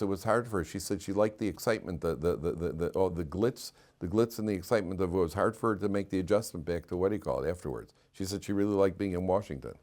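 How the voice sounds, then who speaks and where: A middle-aged man, a rabbi, teaching a class, telling anecdotes with laughter and putting questions to the room. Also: low voice. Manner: animated storyteller, laughs through anecdotes, asks the room questions. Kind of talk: storytelling Torah class. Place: classroom with listeners.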